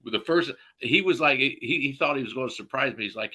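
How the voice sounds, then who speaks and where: A man's voice: mid-range voice, animated, a little fast, hardly any pauses, pushed and bright. A man in casual chat, telling profane stories with frequent laughter.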